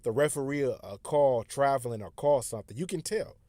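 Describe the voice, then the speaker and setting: A man's voice: medium pitch, fairly quick, warm tone, no room sound. A man in a casual monologue, insistent and conspiratorial, talking slangy.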